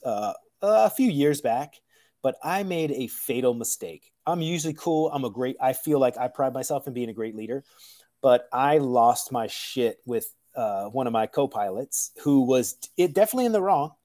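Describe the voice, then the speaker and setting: Blunt, profane chef, dark voice. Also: male voice, medium pitch. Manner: blunt, profane, animated storytelling. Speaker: chef, podcast guest. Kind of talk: casual chat.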